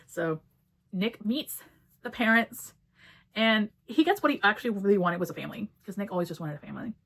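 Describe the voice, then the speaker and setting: A woman talks through a book in a quick, tumbling rush, with her words crowding together. She is blunt, swears freely, and jumps into the characters' lines as she retells the story, in a casual review chat. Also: mid-range voice, expressive, slightly rough.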